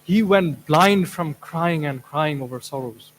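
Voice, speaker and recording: A man's voice: on the high side, unhurried, a little hiss or hum. A man, an imam, giving an earnest Quran commentary lecture, asking rhetorical questions and reciting Arabic verses. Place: mosque hall. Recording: long hall reverb.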